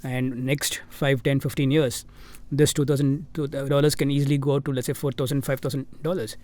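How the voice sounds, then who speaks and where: A fund manager with an Indian English accent answers interview questions at a relaxed, thoughtful pace. His voice sits at a middle pitch, and he leans on fillers and restarts as he works through each point. He sounds like a guest giving careful, conversational replies. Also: normal speed.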